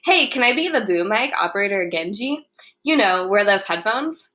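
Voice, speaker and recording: A woman's voice: mid-range voice, sing-song, normal speed, sharp tone. A woman voicing a shy, uncomfortable teenage boy who answers hesitantly. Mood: uneasy.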